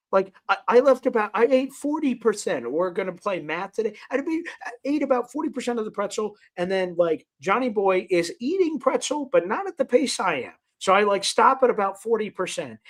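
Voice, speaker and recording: A man hosting a sports talk show, telling an exasperated story in casual banter. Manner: exasperated, swings from low mutters to loud outbursts. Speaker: host.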